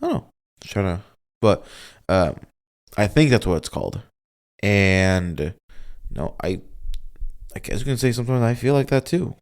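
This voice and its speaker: Rambling low-voiced man talking alone. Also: animated, normal speed, long pauses. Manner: rambling, searching for words, swears casually. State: a little emotional, voice slightly off. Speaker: podcast host. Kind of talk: casual solo monologue.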